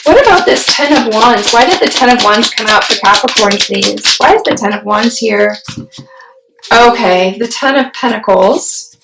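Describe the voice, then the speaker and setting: A woman giving a solo tarot reading, musing aloud and pausing to put questions to spirit as she turns the cards. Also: mid-range voice, creaky, noisy background. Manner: slow, musing, talks to spirit mid-reading. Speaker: tarot reader. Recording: roomy echo.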